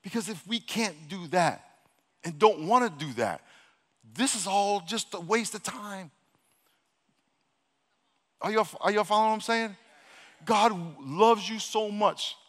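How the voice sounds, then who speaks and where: A male pastor preaching a sermon to his congregation, talking directly and repeating himself as he urges them to pray loud. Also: sits high, a little slow, pauses often. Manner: exhorting, repeats himself, Southern-leaning casual speech; calls the congregation to loud prayer. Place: large church hall. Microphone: handheld or stage microphone. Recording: long hall reverb.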